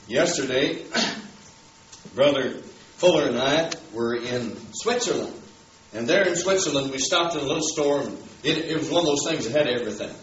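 A man's voice: on the high side, a bit bright, echoey room, far from the mic, muffled recording, a little hiss or hum. A man preaching a sermon, telling a story in a folksy way and building emphasis on key words. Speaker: pastor.

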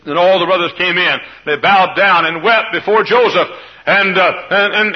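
A man preaching as a pastor, telling a Bible story in an animated way and acting out the people in it. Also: on the high side, moderate pace, breathy edge. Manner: animated storytelling, voices quoted characters. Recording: dull lo-fi old sermon recording.

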